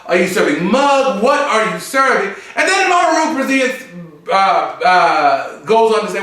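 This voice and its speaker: A man chatting through a review in a campy, sassy manner, his voice high and bright. It rings out in a very echoey room, picked up from a little way off the mic. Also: moderate pace, few pauses, recorded from a distance. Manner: campy, sassy, animated, full of asides and mimicry. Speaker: drag show reviewer. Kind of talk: casual review chat. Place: room, seated on a stool.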